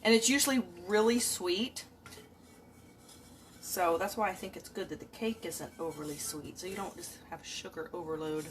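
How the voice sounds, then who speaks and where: A woman's voice: on the low side, moderate pace, slight background noise. A woman, chatting to viewers through a casual cook-along at home. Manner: chatty, talks to viewers while working. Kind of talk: casual cooking livestream. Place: home kitchen. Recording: kitchen with clattering dishes and utensils.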